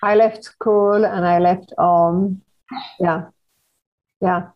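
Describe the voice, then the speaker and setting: A middle-aged woman whose first language is Hebrew, speaking as a guest author in an interview, earnest and halting with frequent restarts. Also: on the low side, fairly even intonation, muffled recording. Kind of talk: conversational interview.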